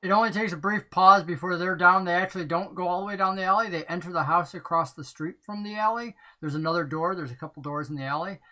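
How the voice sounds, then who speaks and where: A woman's voice: fairly low pitch, fast talker, few pauses, pushed and bright. A woman narrating as game master in a casual tabletop role-play session, laughing often and briefly voicing other characters.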